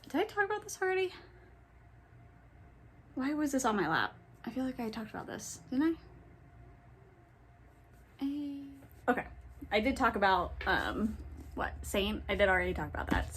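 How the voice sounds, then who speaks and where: A woman's voice: a little high, lively intonation, moderate pace, long pauses, a bit bright. A young woman talks casually into her camera at home, rambling and correcting herself as she goes. She has the hiccups, and a faint hum of room noise sits under her voice. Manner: chatty, rambling, with many ums and self-corrections. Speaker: book vlogger. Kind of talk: casual chat.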